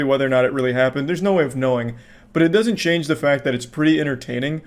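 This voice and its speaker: A man's voice: medium pitch, fast. Profane man riffing on videos. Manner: profane, animated storytelling. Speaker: host reacting to videos. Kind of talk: casual reaction commentary.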